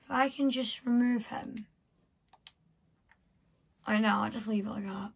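A woman's voice: fairly high pitch, measured pace, creaky, husky. A woman vlogger thinking aloud as she plays a video game, muttering to herself in casual commentary. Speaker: gameplay vlogger.

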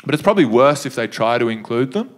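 A man's voice: medium pitch, expressive, fast talker. A young man with an Australian accent doing laid-back stand-up storytelling on stage. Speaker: stand-up comedian.

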